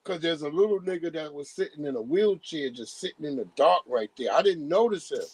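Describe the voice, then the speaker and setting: A man's voice: fairly high pitch, expressive, a little fast, darkish tone, husky, dry recording, low-quality recording. A young man from Long Island, New York, telling a story in casual podcast chat. He acts out the voices of the people in it and uses plenty of profane slang. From Hempstead, Long Island, New York. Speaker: storyteller guest.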